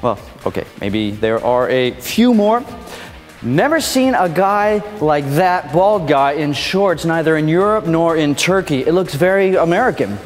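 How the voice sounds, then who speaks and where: Guy hosting a goofy comedy show, kinda high voice, playful and fake-offended, reverby with music under it. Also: animated, unhurried. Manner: playful, mock-indignant, theatrical. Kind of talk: comedic scripted presentation.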